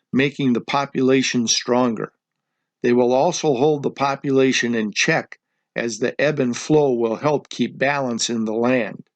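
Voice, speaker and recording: A man narrating an outdoor wildlife documentary in a measured, informative way. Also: mid-range voice, poor audio. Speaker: show host and narrator. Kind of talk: scripted nature documentary narration.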